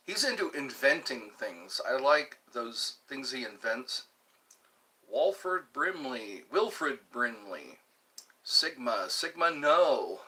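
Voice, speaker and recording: A man's voice: mid-range voice, big pitch swings, slow pace, pushed and bright, breathy edge. An older man hosting a casual livestream, reading viewer comments aloud and playing along with them. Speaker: livestream host.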